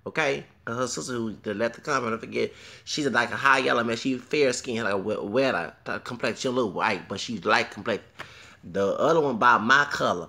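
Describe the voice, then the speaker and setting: A man's voice: mid-range voice, vocal fry, pushed and bright. A man rambling through a crude, profane monologue. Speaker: vlogger.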